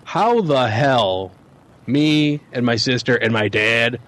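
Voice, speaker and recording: A man of middle pitch reminisces at an easy pace on a casual podcast. He pauses on ums and uhs and swears now and then as he drifts through his memories. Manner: relaxed reminiscing with fillers. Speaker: podcast co-host. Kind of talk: casual chat.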